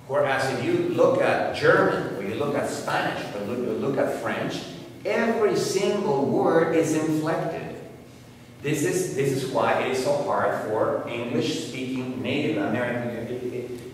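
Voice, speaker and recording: A man's voice: mid-range voice, slight background noise. A man giving a university lecture, explaining points emphatically with examples. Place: large lecture hall. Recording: echoey hall recorded from far off.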